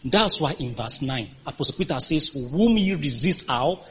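A male pastor preaches with an emphatic, rising-and-falling delivery, pressing his listeners for answers. His voice sits high and carries a husky grain. The recording is dull and lo-fi. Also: expressive, moderate pace, hardly any pauses, fairly bright tone. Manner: emphatic, call-and-response with congregation. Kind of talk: sermon.

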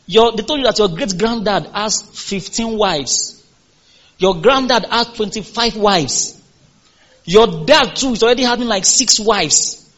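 High-voiced husky preacher delivering a sermon. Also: male voice, expressive, a little slow, a bit bright, lo-fi sound. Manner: emphatic, call-and-response with congregation. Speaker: pastor.

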